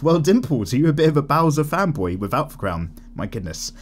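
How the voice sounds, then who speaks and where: A man's voice: a little high, very animated, fairly quick. A young man casually chatting while he draws, reading viewer comments aloud and rambling candidly through tangents. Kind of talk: casual chat while drawing.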